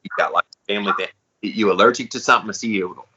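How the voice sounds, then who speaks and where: A man co-hosting a podcast, talking in a loose, slangy, animated way. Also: lowish voice, fast talker, highs cut off, a crowd in the background. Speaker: podcast co-host. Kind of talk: casual chat.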